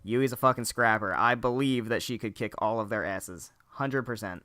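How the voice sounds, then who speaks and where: A man's voice: on the low side, moderate pace, pushed and bright. A man hosting a let's play, reading a visual novel aloud and breaking off for crude joking asides. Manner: joking, crude asides between read lines.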